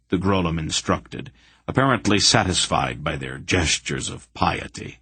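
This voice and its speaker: Deep, husky audiobook narrator man. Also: lively intonation, measured pace, bright, forceful tone. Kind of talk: scripted narration.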